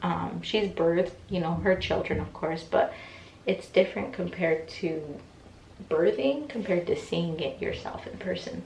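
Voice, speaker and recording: Young woman rambling thru a storytime, lotsa "like" and "you know", lowish voice, far from the mic in a roomy space. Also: a little slow, vocal fry, darkish tone, a little hiss or hum. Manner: chatty, many fillers, acts out quoted voices. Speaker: vlogger. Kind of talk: casual storytime. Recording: echoey room, voice from off mic, faint ambience.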